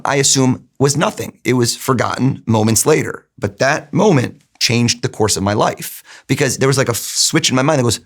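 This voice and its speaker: In a chatty interview, a middle-aged mentalist guest recounts stories energetically, voicing the things people told him. He talks briskly in a medium pitch and barely pauses.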